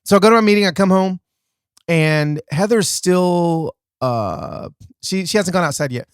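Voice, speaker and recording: A man's voice: sits high, a little slow, clear, resonant tone. A man with a slightly raised voice tells a casual story for his podcast. He exaggerates for laughs and often mocks himself. The sound is dry and close, with no trace of room echo. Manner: animated and self-mocking, with comic exaggeration and frequent restarts. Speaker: podcast host.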